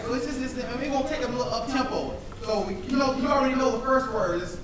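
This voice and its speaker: A man's voice: very high-pitched, very fast, a bit bright, slight background noise. A man teaching students a song by ear, singing lines with his guitar and urging them to sing back. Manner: sings lines then coaxes the group to sing back. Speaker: music teacher leading a group sing. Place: a hall with students. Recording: echoey hall, far from the mic, with guitar.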